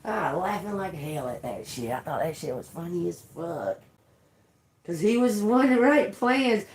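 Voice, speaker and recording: A woman's voice: lowish voice, animated, normal speed, darkish tone, echoey room. A woman telling a story in a blunt, profane, laughing way during a livestream. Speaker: tarot reader livestreaming. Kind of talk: casual storytelling chat.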